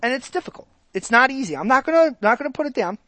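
A man's voice: extremely high pitch, animated, fast, sharp tone, no echo. A man preaching a sermon as pastor, talking to the congregation conversationally, asking rhetorical questions and repeating his words.

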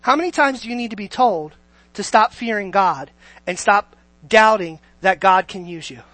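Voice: medium pitch, moderate pace, no echo, poor audio. Dynamic preacher asking listeners questions. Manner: asks the listeners many questions, sweeping between loud and quiet. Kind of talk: sermon.

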